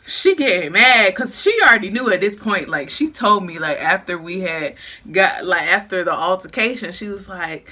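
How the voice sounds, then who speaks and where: A young woman vlogger telling a casual storytime, animated and laughing through it. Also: mid-range voice, measured pace.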